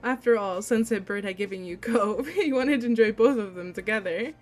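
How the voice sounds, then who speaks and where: A woman streamer reading a visual novel aloud, excitable and giggly, with squealing reactions between read passages. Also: mid-range voice, normal speed, soft background music.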